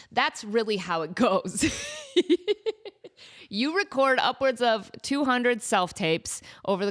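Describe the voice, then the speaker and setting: A woman hosting a podcast, telling stories in a rambling, animated way and laughing often. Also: fairly low pitch, clear, resonant tone. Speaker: podcast host. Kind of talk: casual storytelling monologue.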